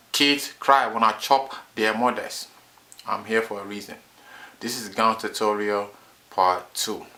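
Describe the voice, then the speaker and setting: A man's voice: lowish voice, bright, forceful tone. A man giving a comic language lesson, boastful and drilling each word again and again. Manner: boastful, repeats words in drills. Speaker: vlogger teaching words.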